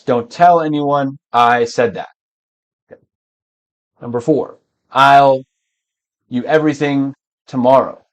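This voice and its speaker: A man teaching English in a live online lesson, patient and encouraging, often clearing his throat. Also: mid-range voice.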